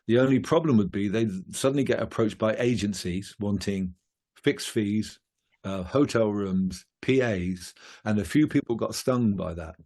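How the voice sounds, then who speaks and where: Low-voiced rambling male musician. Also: a little mellow. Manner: rambling, many fillers and restarts. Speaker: guest musician. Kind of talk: casual interview chat.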